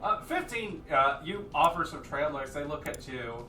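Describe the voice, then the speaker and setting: A man's voice: on the high side, lively intonation, normal speed, roomy sound, far from the mic, noisy background. A man narrating a tabletop game as game master, rambling with many fillers and restarts.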